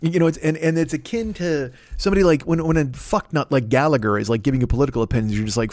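A man's voice: a little high, quick pace, few pauses, darkish tone, no room sound, clean studio sound. A middle-aged man hosting a comedy podcast, talking in a rambling, profane, self-deprecating monologue full of tangents. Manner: profane, self-deprecating, jumps between tangents and mock voices.

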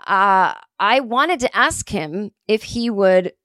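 Woman host, comedian, chatty storyteller, mid pitch, dry close recording. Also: slow, dry recording. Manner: chatty, many fillers, reads quoted messages aloud, jumps up in pitch when excited. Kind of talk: casual storytelling monologue.

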